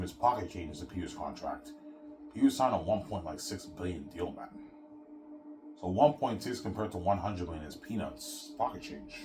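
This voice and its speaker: A man talking casually in a rambling solo vlog monologue, swearing and repeating himself. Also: low voice. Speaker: vlogger.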